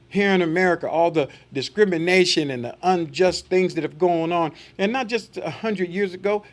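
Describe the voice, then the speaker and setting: A man with a high-pitched voice preaches a sermon. He reads scripture aloud, then turns to rhetorical questions for the congregation and acts out little quoted voices to make his point.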